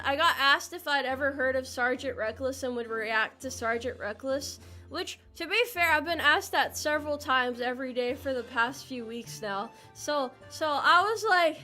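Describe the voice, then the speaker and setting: A woman's voice: high-pitched, lively intonation, moderate pace, pushed and bright. A young adult woman streamer chatting casually with her viewers in a playful, jokey way, with melodramatic outbursts. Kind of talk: casual livestream chat. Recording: faint music behind.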